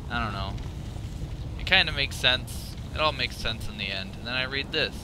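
A man giving live gameplay commentary, profane and excitable, thinking out loud and yelping at scares, with loud game sound under his voice. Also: medium pitch, unhurried, noisy background. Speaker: let's play gamer.

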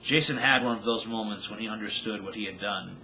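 A man's voice: lowish voice, brisk, sharp tone, slight background noise, low-quality recording. A man reading his own novel aloud with dramatic storytelling narration.

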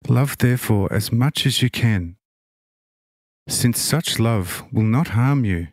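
A man reading as a gentle, loving divine teacher. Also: mid-range voice, slow pace, dry recording, clean studio sound. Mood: tender. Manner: calm, tender reassurance.

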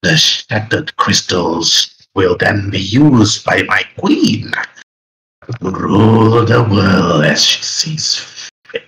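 A menacing monster villain in a tabletop game, drawling its threats slowly in a deep, gloating voice, as a game master puts it on. Every word sounds like a promise of harm. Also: male voice, lively intonation, bright, forceful tone, exaggerated voice, low-quality recording. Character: menacing monster servant of an evil queen.

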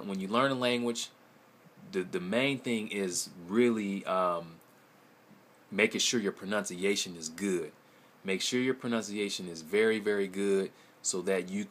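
A man's voice: sits low, sharp tone, slight background noise. A man, a language-learning vlogger, giving a casual video response in a rambling, hesitant way, with many ums and repeated words. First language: English.

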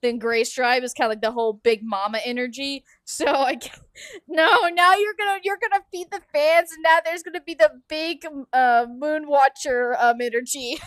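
A woman's voice: high voice, moderate pace, dry recording, studio quality. A young woman hosting a casual game livestream, chatting and giggling with viewers and breaking into yawns. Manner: giggly, chatty, yawning between sentences. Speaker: streamer and game host. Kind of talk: casual livestream chat while playing.

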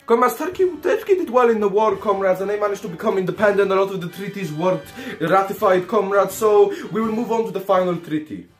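A man's voice: high voice, quick pace, soft background music. A man hosting a comedic history explainer, joking and swearing and calling his viewers comrades. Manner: profane, jokey, calls the audience comrades constantly. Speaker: history video host.

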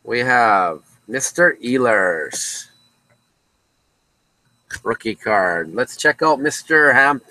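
A man's voice: medium pitch, sing-song, slow, bright, forceful tone, no room sound, poor audio. A man hosting a casual card break from a card shop, chatting with viewers by name as he calls out each card.

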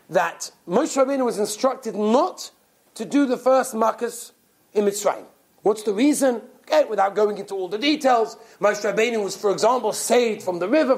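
Male rabbi lecturer, high and very animated, warm storytelling delivery repeats. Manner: animated, repeats words while telling stories. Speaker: rabbi giving a Torah talk.

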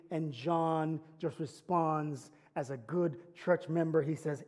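A man's voice: fairly high pitch, measured pace, few pauses, darkish tone. A man, a pastor, preaching a sermon earnestly, building to emphatic climaxes and telling stories with light humor. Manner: conversational storytelling with humor.

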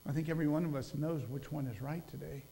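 Male pastor with a high voice preaching a sermon, reverberant sanctuary with a faint mains hum. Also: quick pace, vocal fry. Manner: animated, emphatic preaching that drops soft and low at the close. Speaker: senior minister. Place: church sanctuary. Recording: long church hall reverb with mains hum.

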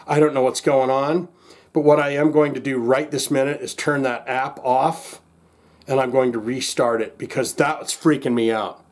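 A man's voice: mid-range voice, fairly even intonation, normal speed. A man hosting a casual reaction vlog, agitated and exasperated, rambling with lots of restarts and swearing. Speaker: music reaction channel host.

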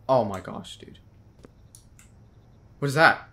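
A young man hosts a horror game video, his medium-pitched voice pushed and bright at a normal speed with frequent pauses. He's jumpy and slangy, yelping when startled, talking back to the game, and constantly saying "dude" and "bro."

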